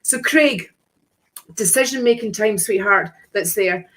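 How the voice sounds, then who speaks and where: A woman's voice: mid-range voice, a little slow, a bit bright. A woman hosting a live stream, reading tarot cards for viewers in a chatty, breezy way with endearments and exclamations.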